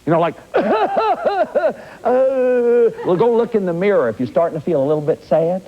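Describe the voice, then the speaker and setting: Fifties male lecturer, high and lively voice, dull lo-fi recording. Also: a little slow. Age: 50s. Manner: animated, acts out examples, frequent restarts. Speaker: therapist and lecturer. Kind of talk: self-help lecture.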